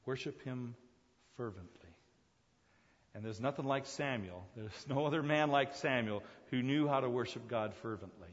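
A male pastor preaching a sermon dynamically, swinging between loud emphatic calls and hushed asides, repeating phrases for emphasis and addressing listeners as folks. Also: mid-range voice, moderate pace. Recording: muffled recording in a long-echo hall.

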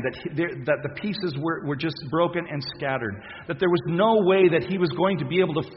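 Man preacher, conversational sermon, halting delivery, long church reverb, slightly muffled recording. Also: fairly high pitch, slight background noise. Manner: conversational, halting with restarts and soft laughs.

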